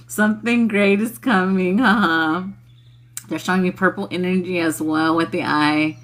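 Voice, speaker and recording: A young adult woman hosting a spiritual livestream, chatting casually with viewers, laughing constantly and swearing freely. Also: deep voice. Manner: laughs constantly, giggly and profane.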